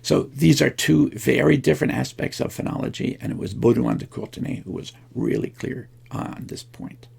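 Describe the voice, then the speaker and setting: A man's voice: mid-range voice, moderate pace, gravelly, hardly any pauses, darkish tone, slightly rough. A man giving a recorded linguistics lecture, thinking aloud with frequent restarts and fillers.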